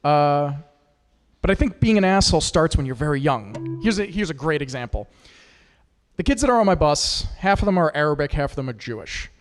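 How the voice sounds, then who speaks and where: A man's voice: on the high side, expressive, brisk, long reverb tail. A man doing a stand-up set at an open mic, crude and self-deprecating as he teases the audience. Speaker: stand-up comic. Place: small performance studio with a live audience.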